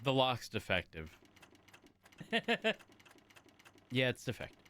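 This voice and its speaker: A man's voice: medium pitch, huge pitch swings, slow pace, fairly bright tone, a little hiss or hum. Laid-back man who chuckles as he talks. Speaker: streamer playing a police officer. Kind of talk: casual in-character roleplay chat.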